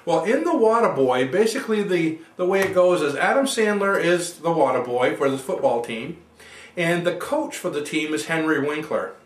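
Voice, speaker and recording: Man teaching, fairly high, echoey. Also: animated, normal speed, far from the mic. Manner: explanatory, guiding listeners through exercises. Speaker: NLP coach. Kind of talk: instructional self-help talk.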